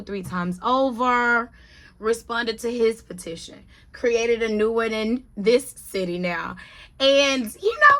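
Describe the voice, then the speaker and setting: A woman in her thirties gives a casual vlog update in a bright, high voice. She tells her stories in an animated way and keeps speaking to her viewers as "y'all," slipping into relaxed vernacular. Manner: chatty, animated storytelling, addresses viewers as y'all. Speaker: vlogger.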